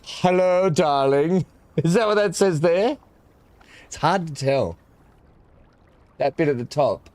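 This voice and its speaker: A man's voice: a little high, lively intonation, unhurried, pauses often, a little mellow, no room sound. A man chatting casually while unboxing gifts, muttering asides and talking to his dog. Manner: muttering asides, frequent throat clearing. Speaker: gaming video creator.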